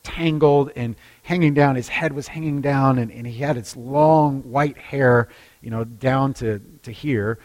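A male pastor preaching a sermon, telling a story in a lively way with frequent restarts. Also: mid-range voice, a little slow.

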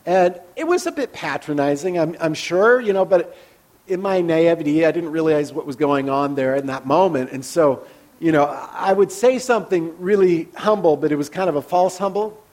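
Slightly high-voiced male pastor, conversational. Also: moderate pace. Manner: candid and personal, often trailing off into soft, hushed asides. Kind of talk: conversational sermon.

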